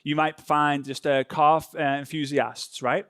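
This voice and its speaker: A man's voice: fairly high pitch, level tone, a little slow, a bit bright, no room sound, studio quality. A European man running a live online social media training session, talking casually and often checking in with "right?". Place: home.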